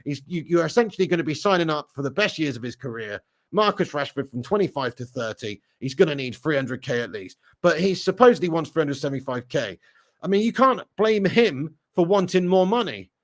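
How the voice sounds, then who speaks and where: A man's voice: on the high side, expressive, fairly quick. A man hosting a live football chat, reading out viewer comments and teasing them with blunt jokes and frequent laughter. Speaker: fan channel host reading live chat.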